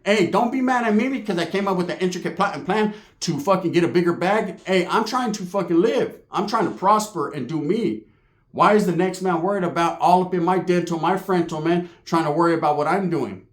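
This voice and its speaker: A streetwise man, talking straight to his viewers and swearing freely. His voice sits a touch high for a man, with Spanish words dropped in here and there. The room around him echoes noticeably. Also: brisk. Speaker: YouTube vlogger. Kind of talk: casual talk to camera.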